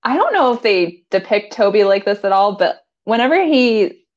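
A woman's voice: mid-range voice, animated, moderate pace. Chatty, giggly woman recapping an episode. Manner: chatty, giggly, quotes characters in voices. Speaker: podcast co-host recapping a TV episode. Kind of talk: casual recap chat. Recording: slightly dull lo-fi sound.

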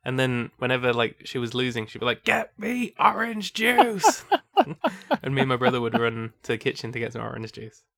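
A man's voice: mid-range voice, completely flat delivery, fast, vocal fry, fairly bright tone, no echo. A young man co-hosting a casual game playthrough, joking with friends and reading the game's text aloud. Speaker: game co-host.

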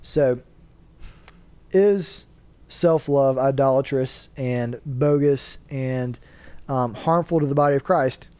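A man's voice: mid-range voice, slow, darkish tone, clean tone, no room sound. A man hosting a casual faith discussion, explaining his view earnestly and answering his own rhetorical questions. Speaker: podcast host.

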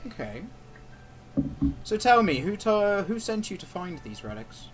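A man playing a stern male interrogator who speaks slowly and formally, with quiet menace. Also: high-pitched, very animated, faint music behind, voice pushed up. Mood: cold. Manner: slow, measured, formal menace.

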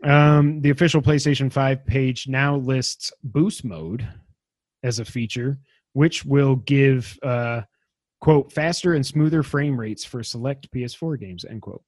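A man's voice: medium pitch, a little slow, a little mellow, no room sound. Dry, chatty male podcast host. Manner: enthusiastic, rambling, self-deprecating. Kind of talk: casual gaming news chat.

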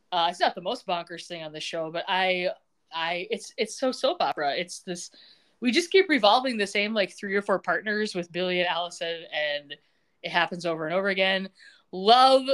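A woman co-hosting a podcast, casually recapping a TV episode and acting out the characters' lines. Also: mid-range voice. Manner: animated retelling, acting out characters' lines with laughs.

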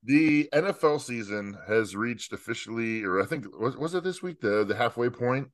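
A man's voice: medium pitch, animated, normal speed, no room sound, clean studio sound. A man hosting a casual podcast, rambling and teasing his co-hosts as he jokes through the intro. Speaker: podcast host.

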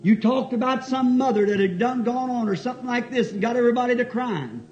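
A man's voice: extremely high pitch, quick pace, a little mellow, soft background music, pitched above the performer's own voice. A man quoting an old pastor and former lawyer who bluntly scolds a young preacher. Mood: scolding. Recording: dull lo-fi old tape.

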